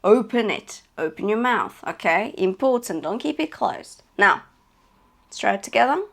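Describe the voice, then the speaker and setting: A woman's voice: mid-range voice, lively intonation, moderate pace, gravelly, fairly bright tone. Woman vocal coach, chatty and encouraging. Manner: encouraging, checks in with "okay?" and "yeah?"; demonstrates sung notes between spoken instructions. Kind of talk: singing lesson.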